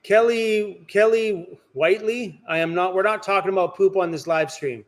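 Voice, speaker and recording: A man's voice: high voice, normal speed. A man hosting a casual live-stream Q&A from inside his van, chatty and joking about himself.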